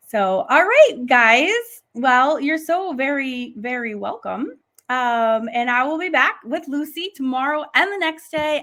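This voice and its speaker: A woman's voice: high-pitched, lively intonation, takes it slowly, fairly bright tone. A middle-aged woman hosting an online art class live stream, chatting casually and enthusiastically with viewers and laughing often. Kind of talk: casual live-stream chat reading comments.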